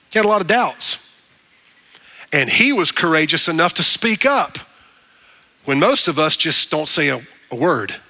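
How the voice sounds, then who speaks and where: High, bright-voiced preaching man. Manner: animated preaching, pitch rising on emphasis. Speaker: pastor. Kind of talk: radio sermon.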